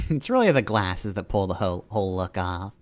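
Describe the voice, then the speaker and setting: A man's voice: sits low, very animated, moderate pace. A man streaming a game, giving rambling, casual commentary, often correcting himself and chuckling.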